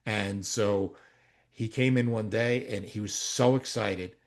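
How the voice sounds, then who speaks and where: Animated storytelling man, low voice. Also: takes it slowly, gravelly. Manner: animated storytelling, swings up loud when quoting himself. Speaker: strength coach and podcast co-host. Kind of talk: casual podcast conversation.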